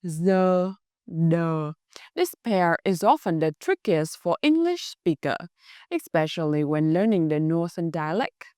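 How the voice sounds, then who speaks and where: Female language tutor, Northern Vietnamese accent, lowish smooth voice, dry close recording. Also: animated, a little mellow, no room sound. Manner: slow, careful enunciation with small English slips. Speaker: Vietnamese teacher. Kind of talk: language lesson narration.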